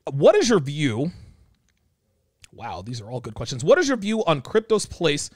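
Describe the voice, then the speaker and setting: A man's voice: on the high side, normal speed, no echo. A man hosting a casual studio talk, chatting loosely and reading out listener questions. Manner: relaxed, lots of fillers, reads listener questions. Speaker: host. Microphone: studio mic.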